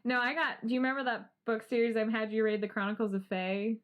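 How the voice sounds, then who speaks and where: A young adult woman co-hosting a podcast in casual chat, animated, laughing often and swearing freely. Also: fairly high pitch, fast. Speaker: podcast co-host.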